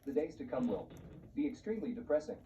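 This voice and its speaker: A man reading the lines of a bitter, self-pitying middle-aged mother-in-law in a flat, even voice. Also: medium pitch, quick pace, echoey room, close to an everyday voice. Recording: muffled, distant, faint hiss.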